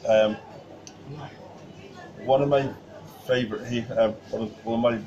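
A man's voice: medium pitch, fairly even intonation, unhurried, lo-fi sound, crowd noise. A man, a chef guest on a podcast, telling stories casually with many fillers and restarts. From Wales.

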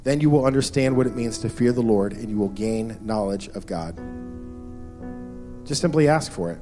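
A man's voice: on the low side, animated, normal speed, dark tone, soft background music. A man in his thirties preaching a sermon as pastor, earnest and repeating key phrases for emphasis.

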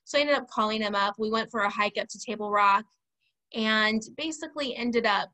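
A woman with a higher, very bright voice speaks as a podcast guest. She tells her story in an earnest, reflective way, and her conversational tone stays relaxed. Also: brisk. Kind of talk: casual storytelling in an interview.

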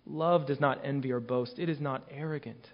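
A man's voice: medium pitch, steady tone, normal speed, muffled recording. A man in his thirties preaching a sermon as a guest preacher, earnest and emphatic, often repeating words as he presses a point.

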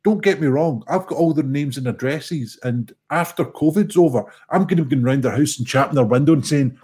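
A man's voice: medium pitch, fairly quick, hardly any pauses, warm tone, slightly rough. A man, co-hosting a livestream, chatting casually with jokey, sweary, rambling banter. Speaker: livestream co-host. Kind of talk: casual stream chat.

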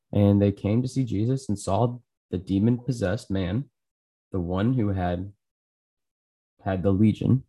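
Dark-voiced man reading scripture. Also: lowish voice, gravelly, slightly rough. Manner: steady earnest reading with small slips and repeats. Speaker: scripture reader, channel host. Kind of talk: reading Bible aloud.

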